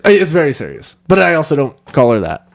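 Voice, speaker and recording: A man's voice: a little high, huge pitch swings, quick pace, creaky. A man who is a father and podcast co-host, chatting casually, joking and laughing often. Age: adult parent. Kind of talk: casual chat.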